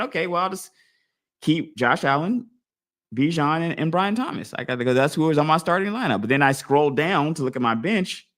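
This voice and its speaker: Male host, casual live-stream chat, mid-pitched, animated, thinks aloud. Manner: animated, talks through his choices out loud, acts out imagined crowd voices. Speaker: fantasy football league podcast host.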